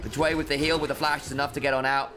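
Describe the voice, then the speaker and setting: A man casting a pro game with quick play-by-play calls and silly, rambling asides. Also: on the high side, little pitch movement, background noise. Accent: English. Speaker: esports caster. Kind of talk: play-by-play esports commentary. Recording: music bed under the voice.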